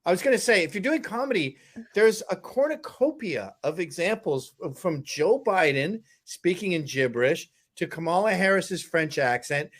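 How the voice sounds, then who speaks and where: A man on a casual reaction panel, talking in an animated way and often mimicking people. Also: high voice, normal speed.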